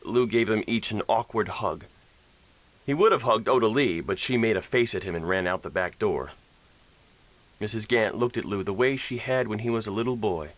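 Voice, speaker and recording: A man narrating a western audiobook in an expressive storytelling manner, recorded on a close studio mic. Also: fairly low pitch, moderate pace, dry recording, poor audio. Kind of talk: scripted narration.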